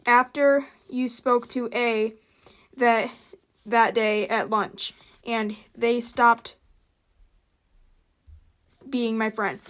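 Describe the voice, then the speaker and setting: Young woman, teens, slightly high voice, slow deliberate read of a statement, stumbles and restarts. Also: fairly bright tone. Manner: stumbling, restarting lines, flustered asides. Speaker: vlogger. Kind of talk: reading a prepared statement to camera.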